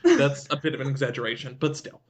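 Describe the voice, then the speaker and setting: A man co-hosting a casual review podcast, retelling scenes in an animated, exasperated, profane way. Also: mid-range voice, fast. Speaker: podcast co-host reviewing a story. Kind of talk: casual chat.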